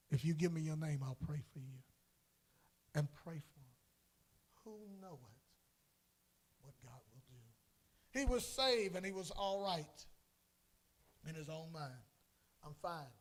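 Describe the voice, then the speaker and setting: A man preaching a sermon as pastor in a church, swinging from soft lines to loud, drawn-out calls. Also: on the high side. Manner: preaching with sudden loud swells and drawn-out words. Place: church sanctuary.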